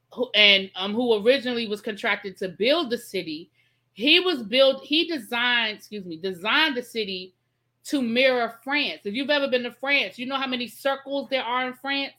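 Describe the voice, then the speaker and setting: Bright-voiced woman hosting a chatty live stream. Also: on the high side, normal speed. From Washington, D.C. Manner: chatty, explains patiently, reads out viewer comments. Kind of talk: casual live-stream chat.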